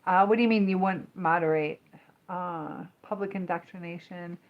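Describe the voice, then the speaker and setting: A woman's voice: on the low side, normal speed, muffled recording. Chatty woman reading out stream comments. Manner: chatty, rambling, reads viewer comments aloud. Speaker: livestream host; teacher and business coach. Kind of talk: casual livestream chat reading comments.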